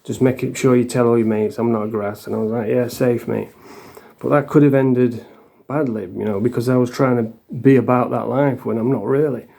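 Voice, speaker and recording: A man from around Doncaster speaks with a Yorkshire accent, his voice gravelly and dark. He tells stories to camera in a blunt, rambling way, swearing often and casually. It sounds like an informal vlog. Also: medium pitch, steady tone, a little fast. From Doncaster area, England. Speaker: vlogger.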